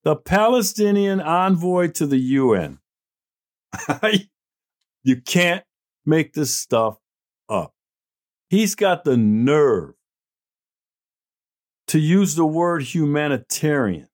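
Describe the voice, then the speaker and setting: A man's voice: fairly high pitch, sing-song, takes it slowly, long pauses, a little mellow. A middle-aged man hosting an opinion show, reading out news and answering it in a blunt, indignant, sarcastic way. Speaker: host. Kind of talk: opinion commentary.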